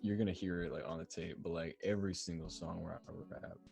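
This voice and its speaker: A man's voice: deep voice, steady tone, brisk, gravelly, a little mellow, soft background music. A young American man hosting a podcast, chatting casually, laughing often and slipping into playful mock voices. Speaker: podcast host. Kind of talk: casual chat.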